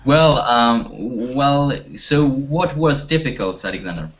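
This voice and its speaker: A man's voice: medium pitch, lively intonation, a little slow, sharp tone, a little hiss or hum. A man teaching an online English class, talking hesitantly with many fillers and restarts. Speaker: language teacher. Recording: dull lo-fi audio.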